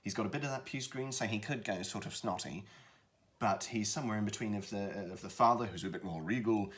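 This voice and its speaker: A man's voice: fairly low pitch, brisk, a bit bright. A voice actor giving a casual tutorial on voicing characters, hesitating often as he talks. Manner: hesitant, lots of fillers and restarts.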